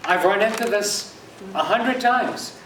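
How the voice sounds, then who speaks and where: Man, high-pitched, animated and sarcastic, distant mic, roomy, light background hum. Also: slow. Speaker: user group member. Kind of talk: storytelling at a meeting. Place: office meeting room.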